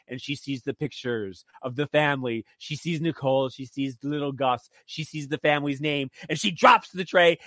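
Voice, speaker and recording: A man co-hosting a radio talk show, chatting and recapping a TV series in an animated way, often stammering and restarting. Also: no echo, clean studio sound. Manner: animated, acts out dialogue in shrill voices when retelling scenes. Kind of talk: casual chat reviewing a TV series.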